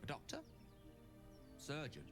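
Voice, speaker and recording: A man's voice: measured pace, natural voice. An actor playing a courteous, wordy male wizard, talking in a formal and elaborately polite way in a video game. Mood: earnest. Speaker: game companion character. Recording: game audio over background music.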